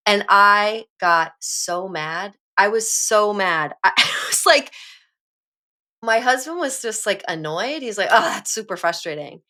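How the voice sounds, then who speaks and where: Bright-voiced woman telling a candid story. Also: mid-range voice, slow. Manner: animated, candid storyteller who swears now and then. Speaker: podcast co-host. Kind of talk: casual chat, personal storytelling.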